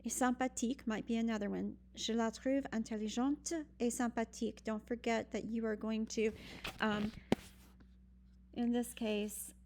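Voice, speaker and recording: A woman's voice: fairly high pitch, level tone, moderate pace, darkish tone, slight background noise. A woman teaching a recorded online French lesson, patient and explaining step by step with frequent ums. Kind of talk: recorded virtual lesson walkthrough.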